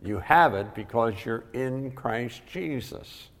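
A man's voice: mid-range voice, expressive, takes it slowly, fairly bright tone. A man preaching a sermon emphatically, repeating key words for weight, recorded with the long reverb of a large hall. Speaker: pastor.

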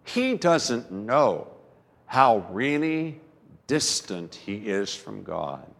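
A man preaching a sermon as pastor, telling a story slowly and emphatically with dramatic pauses, recorded in a church sanctuary. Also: mid-range voice, huge pitch swings, creaky. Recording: long reverb of a large church hall.

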